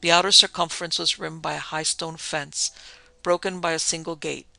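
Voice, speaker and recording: A man's voice: on the high side, little pitch movement, normal speed, vocal fry, sharp tone, dry recording. A man narrating a pulp horror story in the first person, with dramatic storytelling.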